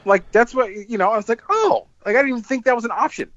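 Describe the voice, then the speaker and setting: A man casually telling a long, rambling story on a podcast. He swears a lot and acts out what people said with sudden jumps in pitch. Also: rapid-fire, a bit bright, no echo, lo-fi sound. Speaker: podcast host.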